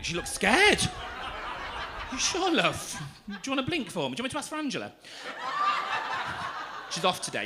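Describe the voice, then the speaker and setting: A man's voice: high-pitched, sharp tone. A young man doing stand-up comedy on a club stage, teasing the audience in a camp, cheeky manner. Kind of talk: stand-up comedy with crowd work.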